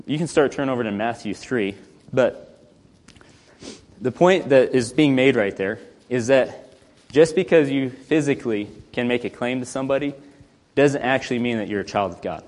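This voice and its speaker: A man teaching a Bible study in a mid-pitched voice, moving between read-out verses and relaxed explanation. He clears his throat now and then. The room rings with a long reverb. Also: normal speed. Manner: reads scripture aloud then explains in casual talk, frequent throat clearing.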